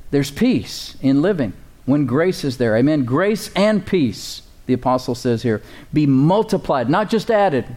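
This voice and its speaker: A man's voice: medium pitch, expressive, normal speed, hardly any pauses, dark tone. Man preaching with call-and-response. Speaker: pastor. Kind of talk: sermon.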